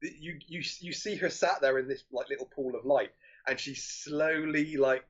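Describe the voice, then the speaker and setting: A man's voice: on the high side, fairly even intonation, normal speed, highs cut off. A man co-hosting a podcast, talking eagerly about film shots, with stumbling restarts and casual swearing. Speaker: podcast co-host.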